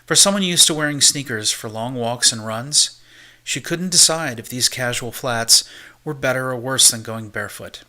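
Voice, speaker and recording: Male amateur audiobook narrator, steady and measured, bright voice. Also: mid-range voice.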